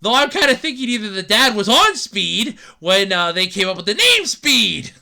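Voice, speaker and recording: A woman hosting a podcast, delivering an excitable, swearing, comedic rant with frequent laughs. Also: medium pitch, moderate pace, creaky. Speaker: podcast host. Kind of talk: ranting comedic podcast monologue.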